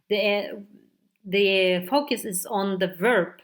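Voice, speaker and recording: A woman teacher giving a recorded grammar lesson, explaining examples step by step and often checking with "okay". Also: mid-range voice. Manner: slow, deliberate explaining with frequent "okay" checks. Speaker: English teacher.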